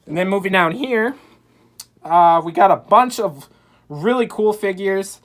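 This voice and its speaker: A woman's voice: mid-range voice, animated, measured pace. A woman filming a casual tour of her game room at home on a handheld phone, chatting in an offhand, upbeat way with plenty of fillers. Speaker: video creator giving a room tour. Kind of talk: casual vlog narration. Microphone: handheld phone camera.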